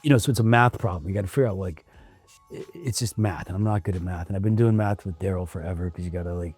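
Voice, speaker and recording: Husky-voiced man telling anecdotes. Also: low voice, fast, soft background music. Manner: animated, acts out quotes of others, casual swearing. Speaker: actor. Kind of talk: anecdotal storytelling in an interview.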